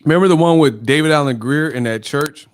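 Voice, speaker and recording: A male channel host chatting loosely on a live stream. His voice sits a bit high, and he retells funny scenes with lots of laughter and energy. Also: a little fast. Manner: animated, laughing storyteller. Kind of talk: casual live-stream chat.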